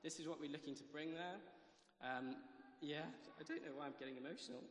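A man giving a casual testimony in church, hesitant with many pauses and restarts. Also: on the high side, a little hiss or hum. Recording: echoey hall, live church mic.

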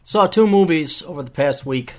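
A man hosting a podcast, talking in a sarcastic, rambling monologue with animated mock rants. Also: a little high, normal speed. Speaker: podcast host. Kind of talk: casual monologue.

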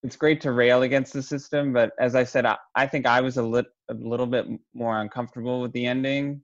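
A man's voice: mid-range voice, level tone, brisk, dull audio. A man co-hosting a podcast, giving a casual film review in a hesitant, conversational way. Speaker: podcast co-host.

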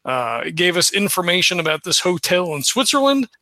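Man, high voice, bright tone, casual game recap, lots of "uh"s. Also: sing-song, a little fast, dry recording. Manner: loose, filler-heavy, laughs easily. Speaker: player recapping the session.

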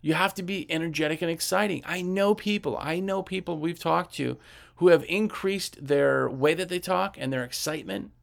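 A man giving casual business coaching tips, animated and conversational, asking rhetorical questions and acting out customers' voices. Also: fairly high pitch, moderate pace, creaky.

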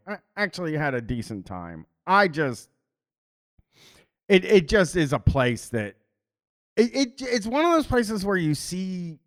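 A man hosting a casual stream, blunt and joking, with frequent swearing. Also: on the high side. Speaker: stream host. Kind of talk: casual chat.

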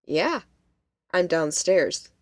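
A woman's voice: fairly low pitch, big pitch swings, very slow, no room sound, studio quality, full character voice. A woman voicing a busy, matter-of-fact young female college student. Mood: brisk.

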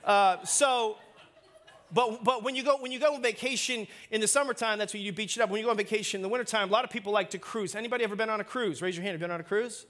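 A male pastor with a rather high-pitched voice preaches to his congregation. He keeps things light and jokey, teasing himself and coaxing the room to answer back. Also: racing, a bit bright. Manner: playful, self-mocking, prompts the congregation. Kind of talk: sermon.

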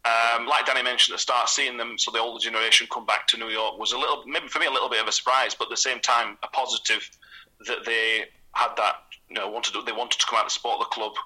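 Young man, quick delivery, bright husky voice, casual fan chat. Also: mid-range voice, fairly even intonation, low-quality recording. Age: young adult. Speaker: guest fan.

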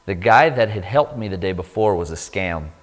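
A man giving a sermon testimony, telling his story with lively energy and acting out the voices of people he met. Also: low voice, moderate pace. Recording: long hall reverb.

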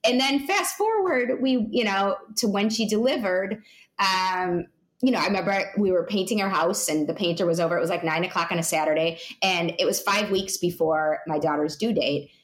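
A woman's voice: medium pitch, normal speed. A woman in her thirties, an interview guest telling a personal story in a rambling way, full of "you know" and restarts.

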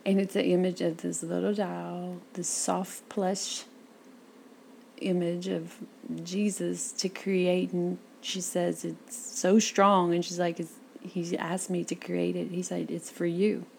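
Gravelly woman telling stories. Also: on the low side, takes it slowly, a little hiss or hum. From south Louisiana. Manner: lively storyteller acting out quoted speech. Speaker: interview guest. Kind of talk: casual storytelling interview.

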